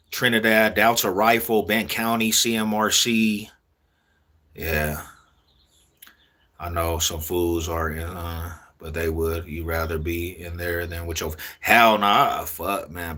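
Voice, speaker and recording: A young man talking casually to his viewers in street slang, repeating himself in a loose, drawn-out way. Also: low voice, sharp tone. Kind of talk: casual street talk to camera.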